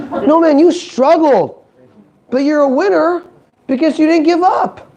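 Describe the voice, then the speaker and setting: A man's voice: very high-pitched, a little slow, pauses often, highs cut off. A man giving a live motivational talk on a conference stage, joking and asking the audience questions. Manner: animated, joking, asks the crowd questions. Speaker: motivational speaker.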